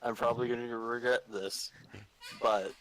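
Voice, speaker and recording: A man playing in a tabletop game, talking in a halting, hesitant way. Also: medium pitch, level tone, fairly bright tone, slight background noise, poor audio. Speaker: player. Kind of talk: tabletop role-play chat.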